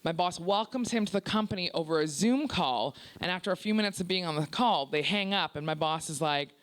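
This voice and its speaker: A young Canadian woman with a Canadian accent doing a stand-up set in a small comedy club. She is loud and brash, swears freely and teases the crowd. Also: on the low side, expressive, fairly quick. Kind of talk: stand-up set at a work-in-progress preview. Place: small comedy club before a live audience.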